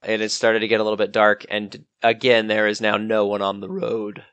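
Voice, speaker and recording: A man running a tabletop game as game master, narrating in a relaxed, rambling way. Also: fairly low pitch, fairly quick, smooth, no echo, muffled recording.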